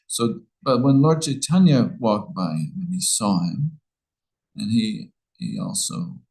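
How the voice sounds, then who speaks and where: Man, low pitch, gravelly, informal scripture class, rambling storyteller. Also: very animated, slow pace, darkish tone, rough recording. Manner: rambling storyteller with many restarts.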